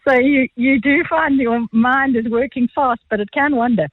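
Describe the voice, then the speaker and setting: A woman with a South African accent, an art auctioneer guest telling lively, chatty anecdotes quickly in a phone interview. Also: sits high, no echo. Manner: fast-talking, chatty, animated. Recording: tinny phone line, dry.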